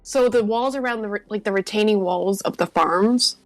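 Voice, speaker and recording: A woman playing a tabletop game explains her reasoning in a breezy, relaxed way. Her voice sits at a middle pitch. The sound is dry and close, with faint music behind. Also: moderate pace, no room sound. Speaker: player. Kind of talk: tabletop game play, casual chat.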